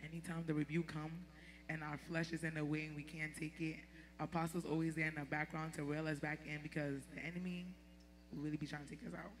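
A woman giving a lively, laughing testimony before a church congregation. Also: sits low, quick pace, slight background noise. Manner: animated, laughing storyteller, turns emotional. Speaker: church member giving a tribute.

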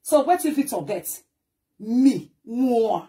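An older woman with a Nigerian Pidgin accent, ranting to camera about herself in a boastful, animated way that bursts into shouts. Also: a little high, slow pace, breathy edge. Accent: Nigerian Pidgin English.

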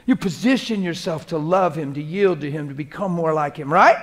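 Guy preaching a sermon, pretty high voice, goes from loud and pushy to soft and prayerful, repeats stuff a lot. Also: a little fast, hardly any pauses. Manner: swings between loud exhortation and hushed prayerful talk; colloquial and emphatic, repeating phrases.

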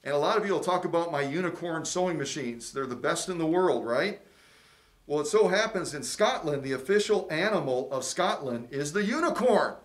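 A man's voice: a little high, expressive, normal speed. Chatty folksy man hosting a fundraiser. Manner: chatty, folksy, rambling trivia. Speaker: fundraiser host. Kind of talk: casual livestream presentation.

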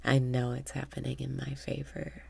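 A woman leading a guided meditation with calm breath cues, often dropping into a half whisper. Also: a bass voice, moderate pace, creaky, breathy edge.

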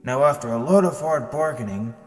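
A man voicing a proud, booming male harbor captain who calls out to his fleet, with music behind. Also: lively intonation, fairly quick, echoey room, long reverb tail, lightly acted. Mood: booming, excited. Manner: booming through a megaphone.

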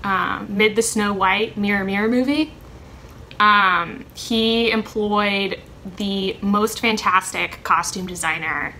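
Young woman vlogger, bright tone, rambling chatty delivery, faint background hiss. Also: medium pitch, slow pace. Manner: rambling, chatty, many ums and self-corrections. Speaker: vlogger answering a question tag. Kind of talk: casual chat.

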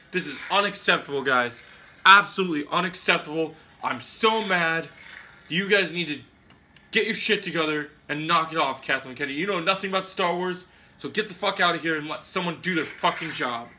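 A man hosting a vlog, giving an angry, profane rant with shouted outbursts. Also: a little high, slight background noise. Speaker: vlogger.

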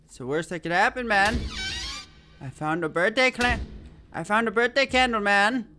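A man's voice: high voice, moderate pace, pushed and bright, soft background music. A man hosting a horror game playthrough, jumpy and swearing, with frequent startled yelps. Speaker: let's play host.

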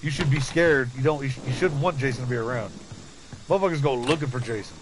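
A man's voice: medium pitch, quick pace, background noise. A middle-aged man chatting casually over his gameplay, laughing often and talking to his chat and teammates. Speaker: gaming streamer.

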